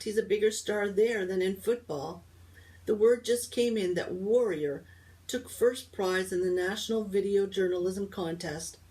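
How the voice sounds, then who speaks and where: A woman reads a children's novel aloud as a storybook read-aloud, with lively first-person narration. Her pitch is ordinary for a woman. The mic sits a little away from her. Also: recorded from a distance, rough recording. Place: library.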